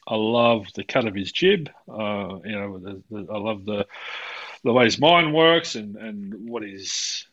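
A man's voice: on the low side, unhurried, a bit bright, muffled recording. A man hosting a podcast over a video call, talking casually and rambling through many restarts. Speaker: podcast host. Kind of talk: casual conversation.

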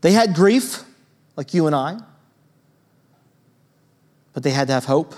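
A man preaching a sermon in a church, conversational and lively, with a storytelling manner and frequent asides to his listeners. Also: on the high side, a little slow. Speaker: pastor.

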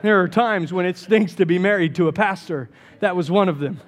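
A man's voice: high-pitched, brisk, a little hiss or hum. A man preaching a sermon as pastor, telling stories with playful jokes. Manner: animated storytelling with jokes.

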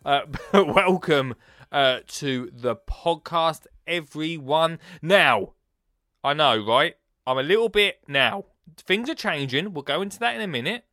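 A man hosting a gardening podcast in a rambling, excitable chat, bursting into sing-song phrases and laughing at himself. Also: on the high side, a little slow, dry recording, clean studio sound. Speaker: podcast host. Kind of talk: casual chat.

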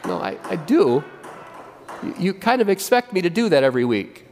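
Animated pastor preaching in a reverberant hall. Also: male voice, high-pitched, a little fast, background noise. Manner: animated preaching with frequent repetitions and restarts. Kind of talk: sermon. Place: church sanctuary.

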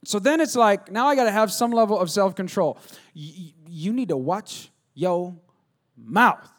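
Animated pastor, loud bursts, quiet asides. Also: male voice, high voice, normal speed. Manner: acts out conversations, asking and answering himself. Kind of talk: sermon.

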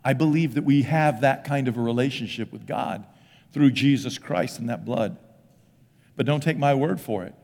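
A man preaching a sermon as pastor, in a folksy, conversational way, acting out quick bits of paraphrased dialogue. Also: medium pitch, creaky, a little mellow. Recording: long reverb of a large hall.

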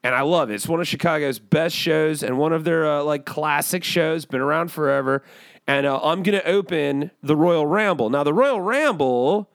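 A rambling, excitable male bird hosting his own podcast, as a man puts him on. He swears casually and wanders off topic in a slightly raised voice. The sound is close and dry, with no room around it. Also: on the high side, moderate pace, clean tone, no room sound, lightly acted. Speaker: podcast host. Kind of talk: comedic character podcast.

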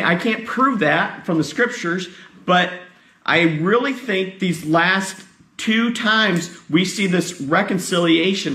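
Tired pastor with a gravelly voice. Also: male voice, on the high side, sharp tone, reverberant. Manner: conversational, asks the congregation questions. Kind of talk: sermon.

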